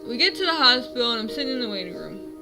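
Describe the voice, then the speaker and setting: A woman's voice: fairly high pitch, lively intonation, rapid-fire, over music, poor audio. A woman in her twenties at home, telling her dreams in a rambling, self-correcting casual vlog. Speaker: vlogger.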